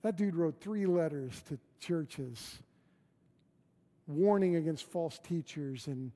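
Pastor guy preaching, kinda high mellow voice, chatty but punchy, repeats lines for effect. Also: slow. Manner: conversational, emphatic preaching with repeated phrases. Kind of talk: sermon. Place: church sanctuary.

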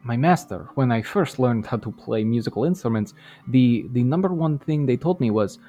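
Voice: mid-range voice, expressive, moderate pace, warm tone, faint music behind. Stammering, mock-grand bard player. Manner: stammering, playfully pompous. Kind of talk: in-character tabletop role-play.

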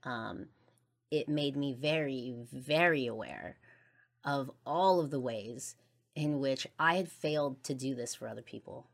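A woman's voice: rumbling low, unhurried, vocal fry. A woman hosting a podcast, telling a personal story in a blunt, casual way, full of swearing and fillers. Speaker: podcast host.

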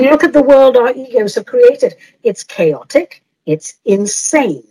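A woman's voice: fairly high pitch, a little mellow, breathy edge, low-quality recording. A woman hosting an advice podcast, answering listener letters in a playful, teasing way and laughing often.

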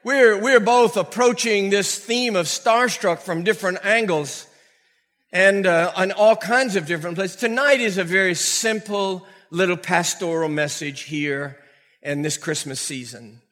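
High-voiced older pastor in a reverberant church. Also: male voice, measured pace. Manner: animated, humorous storyteller who laughs often. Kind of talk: storytelling sermon. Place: church before a congregation. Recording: long reverb from a large church hall.

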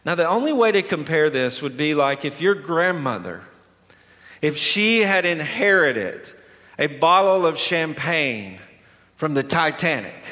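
A man's voice: fairly high pitch, bright, forceful tone, big-room sound. A man preaching a sermon as pastor, dramatic and storytelling, acting out the voices in the story. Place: church sanctuary.

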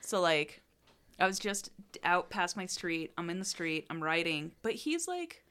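A woman's voice: lowish voice, very animated, unhurried, a bit bright, clear, resonant tone. A woman in a casual chat, telling stories animatedly, swearing freely and saying "like" and "dude" a lot.

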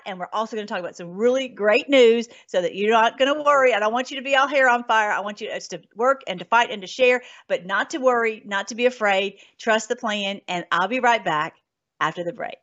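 A woman's voice: on the high side, a bit bright, dull audio. A woman hosting a political talk show, speaking in an earnest, rambling, emphatic way. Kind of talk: casual political commentary.

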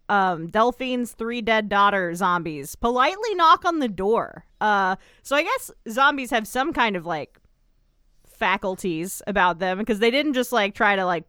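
A woman's voice: medium pitch, sharp tone, clean tone, no echo, clean studio sound. A young woman co-hosting a podcast, recapping a TV episode in a chatty, rambling way. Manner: chatty, rambling, lots of fillers and asides. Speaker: podcast co-host. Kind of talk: casual chat recapping a TV episode.

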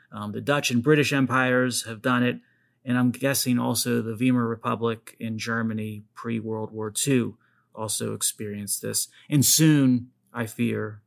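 A man's voice: medium pitch, vocal fry, a bit bright. A man hosting his own podcast, giving emphatic commentary and speaking straight to his listeners. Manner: emphatic, addresses listeners directly. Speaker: podcast host.

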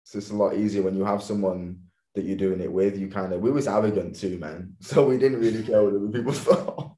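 A man in his thirties from England talks easily about his life as a dancer. He laughs often and keeps a loose, casual manner. His voice sits low, and the room behind it echoes. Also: brisk. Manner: laughs often, relaxed and easygoing. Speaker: podcast guest, professional dancer. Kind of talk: casual interview chat.

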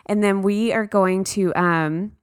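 A woman leading the rundown on a chatty mom podcast, upbeat and talkative. Her voice sits at an ordinary pitch, recorded close on a dry mic with no room sound. She fills her sentences with "like" and "um.". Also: fairly even intonation, slow pace, clear, resonant tone, no room sound. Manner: upbeat, leads the rundown, lots of "like" and "um". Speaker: podcast co-host. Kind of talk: casual chat.

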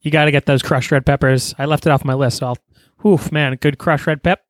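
A man co-hosting a casual podcast, blunt and quick with profane jokes. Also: a little high, little pitch movement, dry recording, studio quality. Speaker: podcast co-host. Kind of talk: casual chat.

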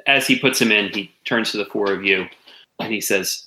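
Man, game master, halting narration, fillers, echoey room. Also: on the low side, sharp tone.

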